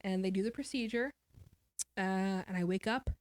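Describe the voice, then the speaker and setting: A woman's voice: mid-range voice, normal speed, darkish tone, dry recording. A woman guest author telling a personal story in an interview, candid and somber, often quoting what others said.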